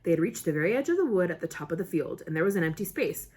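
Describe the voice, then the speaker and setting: A woman reads a novel aloud with plenty of expression and the odd small stumble. Her voice is breathy and husky. Her pitch rises and falls a lot. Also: lively intonation, very fast, darkish tone. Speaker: audiobook reader.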